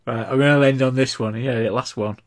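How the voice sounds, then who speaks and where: A man's voice: mid-range voice, steady tone. A man co-hosting a chatty podcast, quizzing his friend and drawing out made-up Latin names playfully. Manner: playful, drawn-out pronunciation of mock Latin. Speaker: podcast co-host. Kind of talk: casual chat and quiz.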